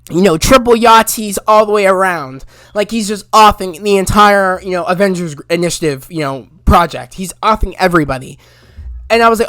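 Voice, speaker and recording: A man recapping a TV episode in a casual, rambling way, full of "you know" fillers and bursts of loud excitement. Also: high-pitched, no room sound, studio quality. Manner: rambling, heavy on fillers, gets loud and excited retelling scenes. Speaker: show recap reviewer.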